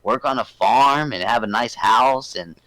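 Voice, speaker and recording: Animated, profane male podcast co-host. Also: medium pitch, a little slow, no echo, poor audio. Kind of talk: casual chat.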